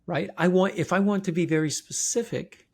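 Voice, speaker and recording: Husky gravelly guy hosting a podcast, chatty, keeps asking "right?". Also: sits high, normal speed. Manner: conversational, checks in with "right?". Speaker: podcast host. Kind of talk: casual interview chat.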